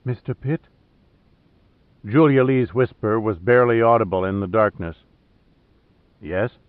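A man narrating a novel in a measured, even reading. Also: fairly low pitch, no room sound. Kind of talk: scripted audiobook narration. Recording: narrow phone-like sound.

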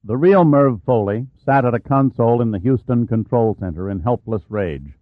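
Guy reading an audiobook, steady and dramatic, sounds like a phone line, dry. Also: mid-range voice, moderate pace, dry recording. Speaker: narrator. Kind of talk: scripted audiobook narration.

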